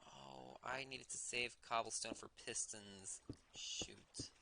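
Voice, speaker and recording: A man's voice: mid-range voice, fairly even intonation, measured pace, creaky, bright, forceful tone, slight background noise. Young man with a slight lisp, rambling. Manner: musing aloud, self-correcting while playing. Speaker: livestreamer. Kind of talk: casual gameplay commentary.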